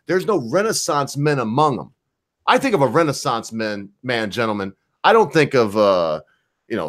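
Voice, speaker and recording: A man co-hosting a casual chat show, ranting loudly and swearing freely. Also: medium pitch. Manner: profane, ranting. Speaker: podcast co-host.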